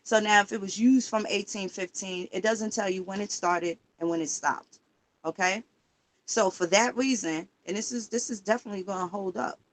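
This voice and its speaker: A woman's voice: mid-range voice, normal speed. A woman livestreaming in casual talk, emphatic and profane, firing rhetorical questions while she searches records online. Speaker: livestream host.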